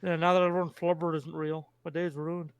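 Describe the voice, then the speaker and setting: A man's voice: fairly high pitch, little pitch movement, moderate pace, clear, resonant tone, no room sound. A man chatting as a stream co-host, joking and ranting with crude humor. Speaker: co-host friend. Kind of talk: casual chat.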